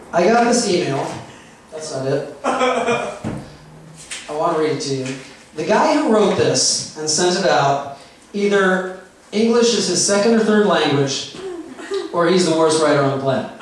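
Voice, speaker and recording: A male stand-up comedian with a fairly high voice tells stories in a wry, conversational way. He sounds distant, and the club echo is heavy, with faint room noise behind him. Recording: echoey club recorded from far off.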